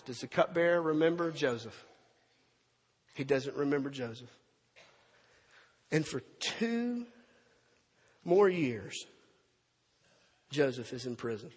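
Guy preaching in a big echoey church, kinda husky, tells the story with voices. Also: high voice. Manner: storytelling, animated, with acted-out quotes and asides to the congregation. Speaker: pastor. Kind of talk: sermon.

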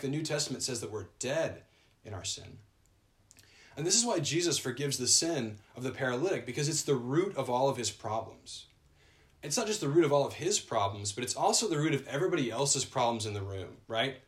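Male preacher, mid pitch, chatty sermon delivery that keeps checking in with the room. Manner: conversational, keeps asking "right?".

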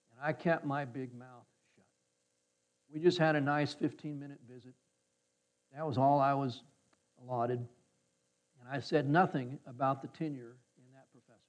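Folksy male preacher, muffled sound. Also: a little high. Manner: folksy storytelling, acts out quoted voices. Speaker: pastor. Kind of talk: sermon with personal story. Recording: slightly dull, muffled sound.

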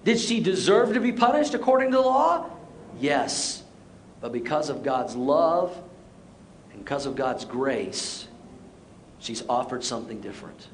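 A middle-aged male pastor preaching a sermon, telling a personal story and slowing down for emphasis. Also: mid-range voice, big pitch swings, a little hiss or hum. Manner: storytelling, acts out quotes, shifts to slow emphatic lines. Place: church auditorium.

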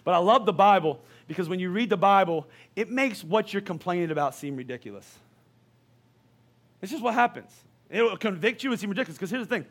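A male pastor preaching a sermon in a lively, conversational way, full of questions to the congregation. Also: sits high, a little fast.

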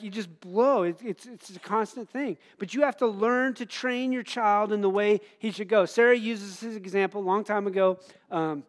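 A middle-aged man preaching a sermon in an earnest, conversational way, laughing at himself now and then. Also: sits high.

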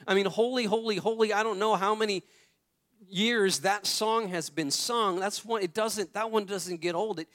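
A male pastor gives a relaxed, conversational sermon in a somewhat high voice. He tells stories and leans on repeated phrases to drive the point home. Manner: storytelling, repeats phrases for emphasis.

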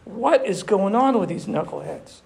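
A male preacher tells a scripture story with animated emphasis, and his voice is fairly high for a man, with a gravelly edge. He preaches in a lively sermon style. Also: measured pace. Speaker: pastor. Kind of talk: sermon, reading and retelling scripture.

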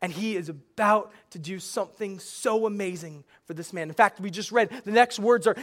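A young man with a fairly high voice preaches a sermon. He talks conversationally, pushing some lines out loudly and dropping others to a near hush. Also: moderate pace, few pauses. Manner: conversational preaching, swinging between loud emphasis and soft intimate lines.

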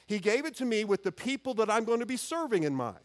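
A man's voice: high-pitched, big pitch swings, fast. A man preaching a sermon in an earnest, conversational way, often restarting his phrases. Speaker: pastor.

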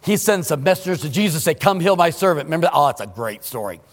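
A male pastor preaching a sermon in a church, emphatic, swinging between loud exclamations and hushed asides. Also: fairly high pitch, very animated, quick pace, long reverb tail. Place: church sanctuary.

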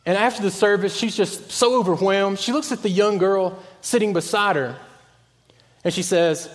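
A man preaching a sermon as pastor, earnest, sometimes dropping to a hushed voice on key points. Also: sits high, normal speed, big-room sound.

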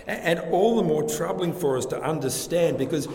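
Male preacher, mid-range voice, unhurried sermon delivery, church hall with long echo. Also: on the high side, lively intonation, warm tone. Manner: slow, deliberate preaching with rhetorical questions. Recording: echoey hall with long reverb.

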